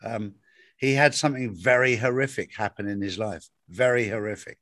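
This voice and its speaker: A man's voice: lowish voice, normal speed, fairly bright tone, no room sound, clean studio sound. A man in casual conversation about faith, telling personal stories and repeating phrases for emphasis. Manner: storytelling, emphatic repetitions.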